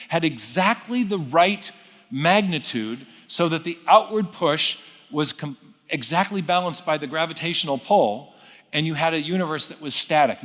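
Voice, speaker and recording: A man giving an unscripted lecture, telling a story with lively emphasis and frequent restarts. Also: on the high side. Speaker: speaker. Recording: long hall reverb.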